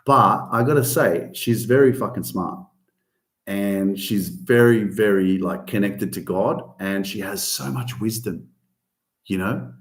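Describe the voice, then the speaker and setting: A man's voice: lowish voice, unhurried. Swearing, emphatic man in a roomy space. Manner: emphatic and swearing, rising loud on key points. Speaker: podcast host. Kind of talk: casual motivational podcast talk. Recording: roomy echo.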